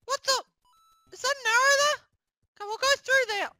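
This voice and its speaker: A performer voicing a whiny, easily panicked young male plush hero in a comedic puppet gaming skit. He yelps and shouts in panic. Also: very high-pitched, brisk, dry recording, clean studio sound, faint music behind, exaggerated voice.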